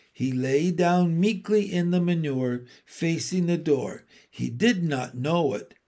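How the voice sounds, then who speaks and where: A man narrating a children's novel in a gentle storytelling manner. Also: a little high, gravelly, slightly rough.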